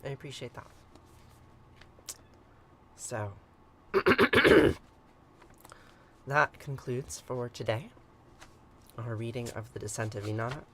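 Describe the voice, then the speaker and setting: A man hosting a morning livestream, reading an old myth aloud and chatting with viewers, hesitant with many ums and quick to chuckle. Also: mid-range voice, animated, a bit bright, a little hiss or hum. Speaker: livestream ritual host. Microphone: livestream computer mic.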